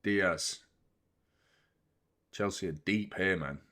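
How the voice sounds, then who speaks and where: A man's voice: deep voice, takes it slowly, bright, forceful tone. Opinionated man on a live football watchalong. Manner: chatty and opinionated, swears, rises sharply at big moments. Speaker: host of a football fan channel. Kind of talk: live match watchalong commentary.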